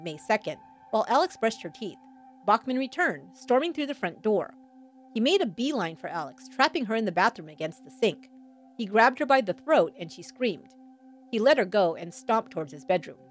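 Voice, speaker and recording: A woman hosting a true crime podcast, reading a scripted account with wry asides thrown in. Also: mid-range voice. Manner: wry asides between dramatic retelling.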